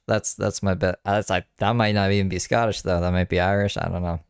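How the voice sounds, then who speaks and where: A man's voice: low-pitched, steady tone, brisk, hardly any pauses, smooth, no room sound. A man from Ontario, chatting casually in a dry, offhand, rambling way. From Ontario, Canada. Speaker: vlogger. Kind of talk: casual chat.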